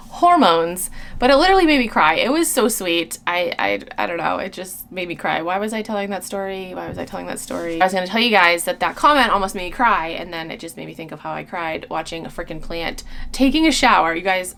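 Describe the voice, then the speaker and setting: A woman's voice: mid-range voice, fairly bright tone. A young woman from the United States answering viewer questions in a casual, rambling chat, often breaking off and laughing at herself. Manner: chatty and rambling, with frequent laughs and self-interruptions.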